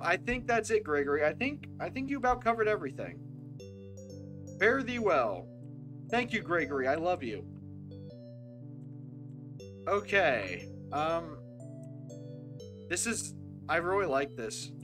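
An excitable streamer talks through a game, swearing often and swinging from loud bursts to near-mutters. The pitch is very lively. Faint game music sits in the background. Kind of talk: casual live game commentary.

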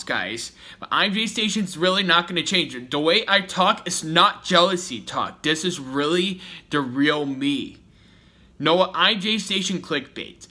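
A man's voice: a little high, bright, forceful tone. A man giving a rambling, repetitive, confrontational rant to the camera in a vlog. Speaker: YouTuber. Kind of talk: ranting vlog commentary.

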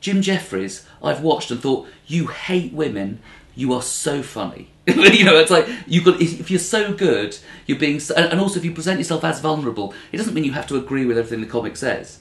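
Slightly high and a bit bright, the voice belongs to a British comedian in his thirties who talks fast and expressively with barely a pause. Answering interview questions conversationally, he rambles and performs quoted voices; the recording has a roomy sound.

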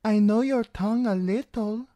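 A male reader voicing a young girl actress who plays shy and sweet while she schemes, in a high girlish voice. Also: normal speed, dark tone, no echo, close to an everyday voice. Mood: coy.

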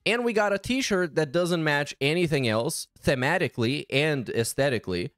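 A man's voice: a little high, expressive, moderate pace, fairly bright tone, no room sound, studio quality. A man hosting a casual reaction commentary, sarcastic, profane and exasperated. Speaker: commentary channel host.

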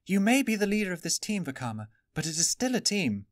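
A man voicing a calm, wise female warrior of water who speaks gently and reasons with others. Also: sits high, quick pace, no room sound, voice pushed up. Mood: calm, persuasive.

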